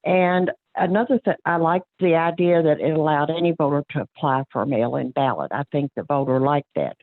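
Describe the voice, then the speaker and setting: A woman speaks as a county clerk at a board meeting, plain-spoken and earnest, pausing on fillers and restarting her sentences. Her voice sits on the low side and comes through a narrow, tinny phone line with a dry, close sound. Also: dry recording. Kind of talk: remarks at a public board meeting.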